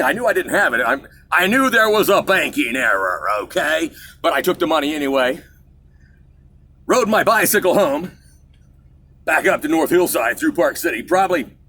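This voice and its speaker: Middle aged guy from kansas rambling on his own show, bright forceful voice, swings his pitch a lot. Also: slight background noise. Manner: digressive, self-mocking, loses his thread. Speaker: show host. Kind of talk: casual rambling monologue.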